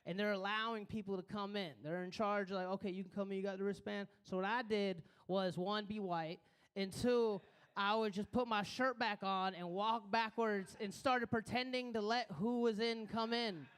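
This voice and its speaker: A man's voice: high voice, steady tone, moderate pace, fairly bright tone, smooth. A man doing stand-up, telling a loose, boastful story and laughing at his own jokes. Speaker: stand-up comedian.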